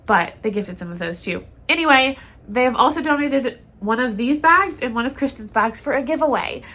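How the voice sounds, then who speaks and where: A woman's voice: on the high side, animated, normal speed, a bit bright. A woman co-hosting a knitting podcast, chatting casually and rambling with lots of fillers, a bit stuffy in the nose. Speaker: podcast co-host.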